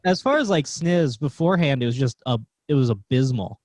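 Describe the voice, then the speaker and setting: A man who does stand-up, guesting on a podcast and telling dry, self-mocking stories about dating. His pitch is ordinary for a man. He is recorded close and dry. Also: animated, brisk, darkish tone, dry recording. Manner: wry, self-deprecating storytelling. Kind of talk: casual chat.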